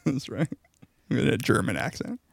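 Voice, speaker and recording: A man's voice: medium pitch, vocal fry, dry recording, clean studio sound. A man co-hosting a podcast, explaining social psychology research in casual academic chat, with frequent "like"s and restarts.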